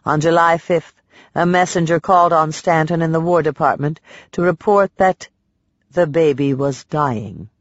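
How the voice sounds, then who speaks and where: A man reading a historical account as scripted narration, measured, with quoted passages lifted and stressed. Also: fairly high pitch, dry recording, muffled recording. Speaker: audiobook narrator.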